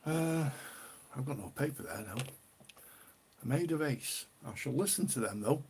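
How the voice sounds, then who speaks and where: A man's voice: medium pitch, animated, a little slow, darkish tone, a little hiss or hum. A man with a northern English accent hosting a casual livestream, chatting with viewers, reading their comments aloud and laughing often. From northern England. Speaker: livestream host.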